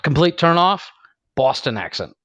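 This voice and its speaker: A man's voice: fairly high pitch, very animated, normal speed, a bit bright, dry recording. A laid-back man from Ohio with an Ohio accent, co-hosting a podcast, chuckling and acting out quotes. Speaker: podcast co-host. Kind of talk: casual chat.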